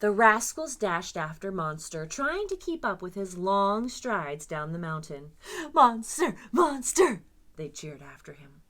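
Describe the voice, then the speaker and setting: A woman librarian reading a picture book aloud to children with expressive, dramatic storytelling. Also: on the low side, a little slow, hardly any pauses.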